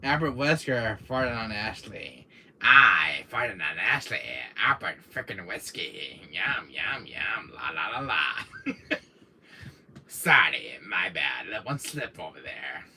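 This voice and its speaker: Smug game villain played by a man, low half-whispered voice, mocking. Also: sing-song, slow, sharp tone, a little hiss or hum, exaggerated voice. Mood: gloating.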